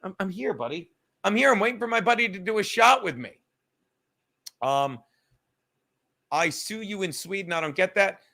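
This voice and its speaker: Male podcast host, bright and tense tone, combative, profane, answers trolls from the chat. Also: high voice, lively intonation, a little fast, creaky, pauses often. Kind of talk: live-stream podcast rant reading chat. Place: studio.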